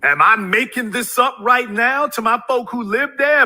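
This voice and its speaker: A man delivering a ranting video monologue in a high-set voice that is very bright and cutting. He preaches at his audience and keeps hammering them with rhetorical questions. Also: animated, normal speed, hardly any pauses. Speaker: YouTube commentator.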